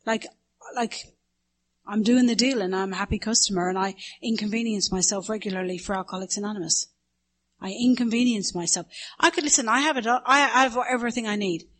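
A middle-aged Irish woman speaks candidly to a recovery meeting and laughs at herself as she tells her story. She slips into other people's voices as she tells it, and her voice sits at an ordinary pitch for a woman. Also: fairly quick, a bit bright. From Ireland. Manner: candid and self-mocking, acts out others' voices. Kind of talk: personal story told to a meeting.

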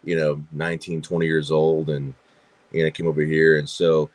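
A man's voice: a bass voice, monotone, normal speed, no room sound. A man from Georgia, a guest on a podcast, telling stories in casual chat with lots of fillers and repeated words. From Georgia, USA. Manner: chatty storyteller, frequent fillers and repeats. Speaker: podcast guest, actor and filmmaker.

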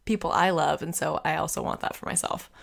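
Woman, 30s, podcast co-host, a touch low in pitch, thoughtful and self-deprecating. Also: fairly even intonation, a little fast, gravelly. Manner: thoughtful, self-deprecating, repeats words when starting. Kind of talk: casual chat.

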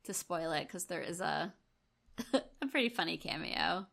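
A woman's voice: lowish voice, animated, unhurried, gravelly, fairly bright tone. Upbeat woman chatting on a podcast. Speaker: podcast co-host. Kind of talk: casual chat.

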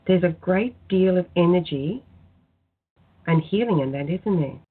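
A woman guest in a spiritual radio interview, telling her personal story in an earnest, soft-spoken way. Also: fairly low pitch, expressive, a little slow, pauses often, slightly rough. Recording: tinny phone-line sound.

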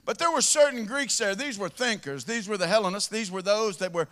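A man preaching a sermon in a folksy, animated way. His voice sits high and bright. He repeats his phrases as he tells a story. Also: a little fast.

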